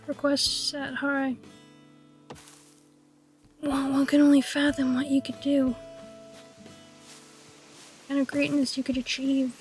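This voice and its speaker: A high-voiced woman whispers raspy, low-key chatter while streaming a game, in a fairly level tone. Her playful, mock-grand musings stay hushed throughout. Soft guitar music plays faintly behind her. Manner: whispering softly. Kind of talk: casual gameplay chat.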